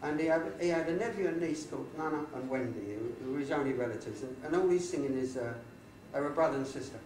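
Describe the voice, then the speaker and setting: A man's voice: medium pitch, quick pace, darkish tone, a little hiss or hum. An older man, a folk singer and comedian, telling rambling wry jokes in a live folk club set. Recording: roomy live club recording from a distance. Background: guitar playing.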